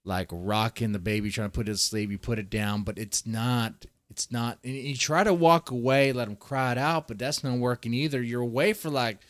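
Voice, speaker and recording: A man's voice: lowish voice, moderate pace, no echo. Rambling, profane man hosting a livestream. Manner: rambling, profane, talks directly to chat. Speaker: livestream host. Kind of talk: casual livestream commentary.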